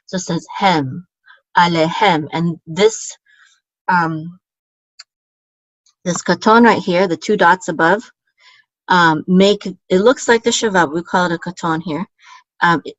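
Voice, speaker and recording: Her voice sitting on the lower side, a woman explains Hebrew grammar one step at a time, patient and clear, frequently asking "okay?" and lingering on fillers. The audio has no echo, but the highs are cut off.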